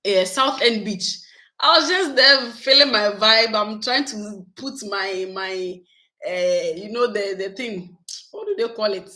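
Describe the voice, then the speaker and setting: Lady in her 30s chatting w viewers, lively, laughs a lot, casual home vlog vibe. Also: mid-range voice, a little slow, poor audio. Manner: chatty, animated, laughs often. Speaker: YouTube vlogger. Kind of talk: casual live chat with viewers.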